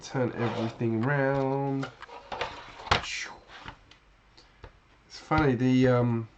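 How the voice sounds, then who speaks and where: A man's voice: medium pitch, level tone, very slow, noisy background. Chatty British man live-streaming a build. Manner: chatty, rambling, many fillers and restarts. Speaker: LEGO channel host. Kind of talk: casual live-stream chat while building.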